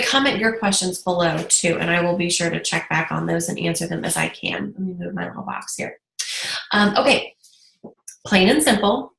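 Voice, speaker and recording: A woman's voice: lowish voice, a bit bright, roomy sound, rough recording. A woman in her thirties, a direct sales team leader, talking casually and earnestly to viewers in a live video, getting emotional. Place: moved to North Carolina.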